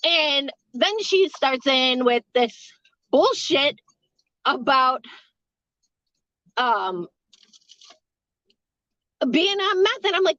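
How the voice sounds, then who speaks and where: A woman's voice: high voice, very animated, very slow, pauses often, pushed and bright, no echo, lo-fi sound. A woman who works a hotel front desk, telling a story casually, rambling, swearing freely and laughing between lines.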